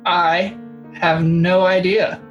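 Podcast guest, easygoing, casual chat, mid pitch. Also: little pitch movement, takes it slowly, dull audio, faint music behind. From Southern US. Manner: easygoing, puzzled guessing.

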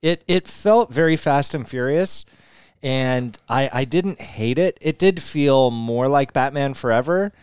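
A man co-hosting a casual podcast chat, animated and swearing freely. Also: mid-range voice, a little slow, clear, resonant tone, no echo, studio quality. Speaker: podcast co-host.

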